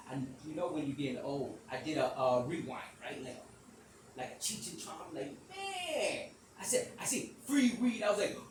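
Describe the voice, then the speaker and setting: A man hosting a podcast, telling a rambling, animated story in speech, swearing casually and acting out the quotes. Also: on the high side, far from the mic. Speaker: podcast host. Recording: echoey room, off-mic, background noise.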